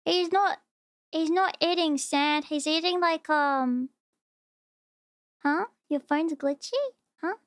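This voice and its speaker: A woman's voice: high-pitched, steady tone, slow, long pauses, dry recording, studio quality. A young woman streaming, chatting casually and gushing over cute animal videos. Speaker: VTuber streamer.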